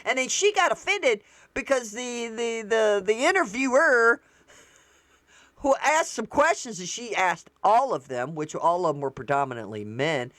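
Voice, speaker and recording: A woman's voice: on the high side, lively intonation, a little slow, fairly bright tone, no room sound. A woman hosting a show, talking through her thoughts in a casual, rambling way, often restarting and correcting herself. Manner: rambling and conversational, with frequent restarts and self-corrections. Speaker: show host. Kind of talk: casual solo commentary.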